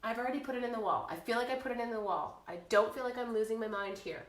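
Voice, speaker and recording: A woman's voice: on the high side, fast talker. A woman with a cold hosting a casual live crafting stream, flustered and chatty as she talks to viewers. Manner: flustered, chatty, moves away from the camera. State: sick with a cold. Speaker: crafting livestream host.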